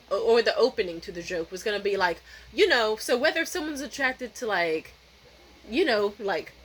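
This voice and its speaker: A woman's voice: fairly high pitch, a bit bright, a little hiss or hum, rough recording. A woman vlogger telling a rambling, profane, candid story in a casual way, often restarting her sentences.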